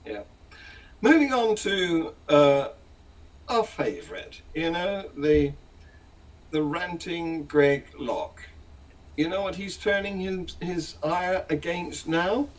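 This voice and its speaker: A man hosting a news panel, introducing clips in a measured, wry way. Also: on the high side, expressive. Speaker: host. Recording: husky voice from far off the mic.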